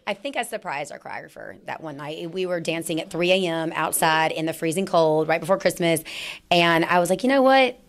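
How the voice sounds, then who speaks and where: Southern lady actress, bubbly, laughs a lot, kinda low voice. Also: fairly quick. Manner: bubbly, laughs often, animated storytelling. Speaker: actress guest. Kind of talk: casual interview chat.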